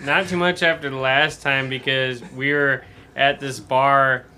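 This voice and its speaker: A man's voice: medium pitch, little pitch movement, measured pace, bright, forceful tone, slight background noise. A man in a casual podcast chat, telling stories in a laid-back, dry way. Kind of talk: casual storytelling.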